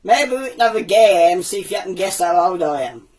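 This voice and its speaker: A man's voice: sits high, expressive, normal speed, recorded from a distance, poor audio. A man voicing an old male womble puppet who tells cheeky wartime jokes in a Black Country accent. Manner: cheeky joke-teller, does voices for his characters. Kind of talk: comic puppet storytelling.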